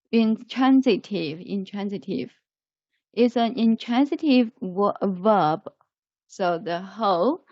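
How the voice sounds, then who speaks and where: Woman teacher for an online vocabulary lesson, very slow and patient, dry, dull lo-fi sound. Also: mid-range voice, a little mellow, no echo. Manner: slow, repetitive, explains word by word.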